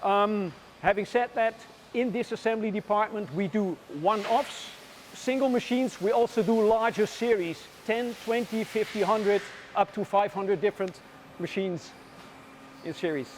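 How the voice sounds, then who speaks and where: A man guiding visitors through a factory floor, explaining in a measured way with frequent pauses. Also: high voice, a little hiss or hum. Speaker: factory tour guide. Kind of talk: guided factory tour.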